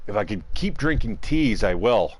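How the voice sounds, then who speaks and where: A man's voice: lowish voice, animated, moderate pace, breathy edge, poor audio. Chatty man narrating his gameplay. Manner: chatty, addresses viewers as guys, swears casually. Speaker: gamer. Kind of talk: casual gameplay commentary.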